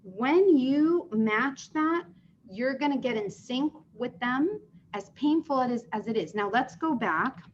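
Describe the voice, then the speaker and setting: Brief: female sales coach leading a class, slightly high, lively questions to attendees, muffled recording. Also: unhurried, a little hiss or hum. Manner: chatty, explains with questions to the group. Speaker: sales trainer. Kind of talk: live training session. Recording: dull lo-fi sound.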